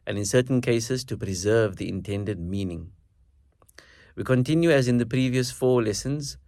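A man teaching a recitation lesson, explaining stress in measured, deliberate phrases and slowing down to demonstrate words. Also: medium pitch, darkish tone, no echo, studio quality. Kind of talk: instructional lesson with recited verses.

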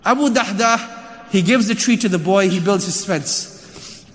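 Very high-voiced man preaching a story. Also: a little slow. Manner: animated, conversational storytelling. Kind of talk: storytelling sermon. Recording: long hall reverb.

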